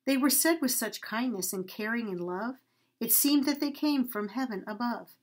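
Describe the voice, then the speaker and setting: A woman's voice: a little high, normal speed, breathy edge. Woman reading a rhyming children's story. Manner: expressive, rhyming sing-song reading. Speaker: children's story reader at a church. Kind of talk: storybook read-aloud for children.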